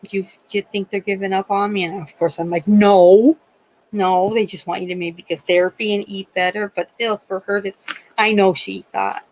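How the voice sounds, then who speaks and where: A woman's voice: mid-range voice, poor audio. Rambling northeastern Pennsylvania woman. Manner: emotional, rambling storytelling with frequent restarts. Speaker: livestream host. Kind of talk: casual live-stream chat.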